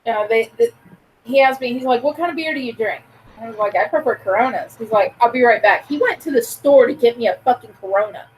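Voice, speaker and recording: A woman's voice: fairly high pitch, fast, slight background noise, poor audio. A woman chatting casually, telling a blunt, crude story and acting out the dialogue. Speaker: podcast co-host. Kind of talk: casual chat.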